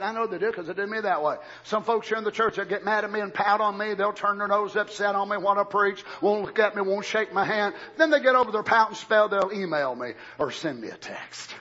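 A man preaching a sermon, swinging from low murmurs to loud shouted lines. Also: muffled recording.

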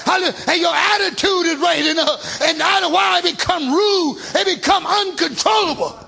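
A male preacher shouts a sermon in plain, folksy speech, dropping hallelujahs between lines. His voice is very high and gravelly, with a sharp, bright edge. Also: moderate pace. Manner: shouting, call-and-response hallelujahs.

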